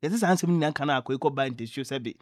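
A man with a Ghanaian accent presenting sports news on radio, telling stories in a lively way and mixing in English phrases. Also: mid-range voice, very fast, no echo, clean studio sound.

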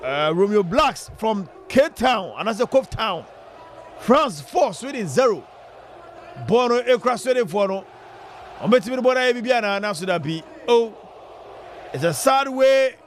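A man giving excited live football commentary on radio, with bursts of shouting. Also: normal speed, long pauses, slight background noise. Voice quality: high-pitched, shouting bursts, mixing languages.

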